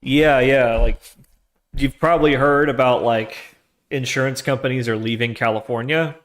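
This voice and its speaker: A man streaming himself coding a trading tool, chatting loosely with slang and laughs, then muttering quietly to himself as he works. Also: medium pitch, fairly even intonation, normal speed. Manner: slangy, with laughs between phrases. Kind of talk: casual live-coding chat.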